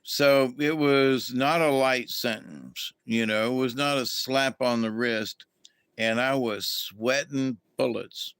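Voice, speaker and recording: A man's voice: medium pitch, fairly even intonation, slow, fairly bright tone, smooth, no echo. A middle-aged man, telling a rambling, folksy story as a livestream host and greeting viewers along the way. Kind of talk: casual storytelling to a live chat.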